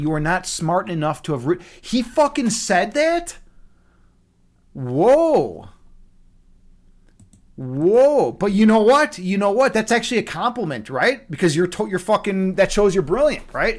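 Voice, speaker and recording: A man hosting a livestream in casual chat, excitable and swearing often, repeating his phrases as he talks. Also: high-pitched. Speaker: livestream host.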